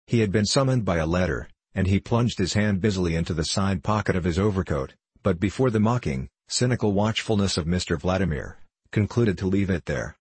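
A man reading a classic novel aloud as a narrator, steady and measured. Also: low voice, breathy edge, no echo. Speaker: audiobook narrator.

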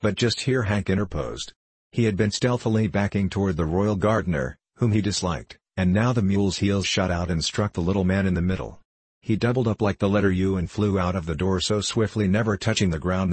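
Male storybook narrator, deep and breathy, dry close sound. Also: brisk, a little mellow, dry recording. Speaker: audiobook narrator.

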